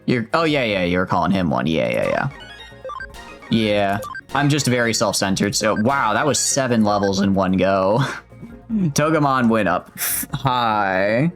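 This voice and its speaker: A man's voice: lowish voice, big pitch swings, measured pace, soft background music. A man casually commenting on a video game as he plays, rambling, interrupting himself and reading the game's dialogue aloud. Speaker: streamer. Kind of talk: casual let's-play commentary.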